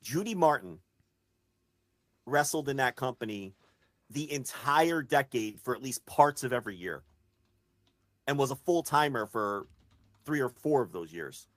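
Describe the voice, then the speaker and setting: Excitable man arguing his case, dry close mic. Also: mid-range voice, unhurried, pauses often, dry recording. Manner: excitable, swears freely, builds an argument point by point. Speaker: podcast co-host. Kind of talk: casual chat.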